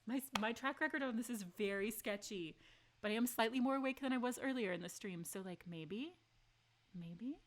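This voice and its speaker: A woman streaming a story game, reading its lines aloud and chatting with her viewers, excitable and quick to gasp and swear. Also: a little high. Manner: excitable, gasping, laughing and swearing between read lines.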